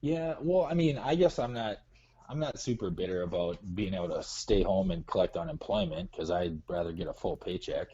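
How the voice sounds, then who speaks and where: A man with a Minnesotan accent calling into a live show, laid-back and quick to laugh in casual chat. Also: deep voice, lively intonation, mellow, breathy edge. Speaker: caller. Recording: dull phone-call audio.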